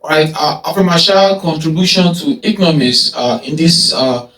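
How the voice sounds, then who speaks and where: Guy teaching econ, high voice, keeps going "what?" then answers, sounds far off in an echoey room. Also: moderate pace, a bit bright. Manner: asks rhetorical "what?" then answers, repeats phrases. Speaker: economics teacher. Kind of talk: recorded lecture. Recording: echoey room, mic at a distance.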